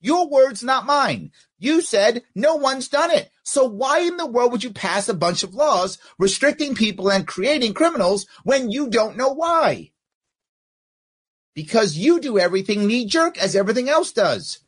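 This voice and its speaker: Sarcastic commentator guy, kinda husky, voice bouncing all over as he mocks the clip. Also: very high-pitched, sing-song, normal speed. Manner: sarcastic, argues back at the clip. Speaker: political commentator.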